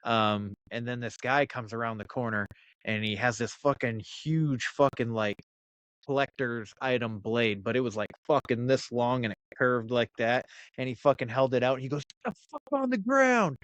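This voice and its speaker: Man, podcast host, swears a lot, mid pitch, close dry sound. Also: normal speed, no room sound. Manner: swears often, animated storyteller. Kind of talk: casual chat.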